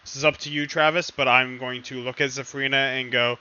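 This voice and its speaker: A man's voice: medium pitch, fairly even intonation, fairly quick, hardly any pauses, sharp tone, smooth. A man playing an online tabletop game, friendly and describing his character's actions. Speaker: player. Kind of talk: casual game chat. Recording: slightly dull voice-call audio.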